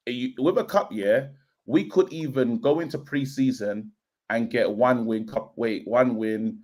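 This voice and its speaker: A man's voice: medium pitch, darkish tone. A man, pressing his point and repeating himself. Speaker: panelist. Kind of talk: casual football fan panel chat.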